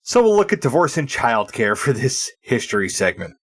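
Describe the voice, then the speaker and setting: A man's voice: medium pitch, sing-song, normal speed, fairly bright tone, husky. A man in his thirties co-hosting a podcast, with a wry, dry sense of humor, chatting and reading announcements. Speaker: podcast co-host. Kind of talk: casual chat and read announcements.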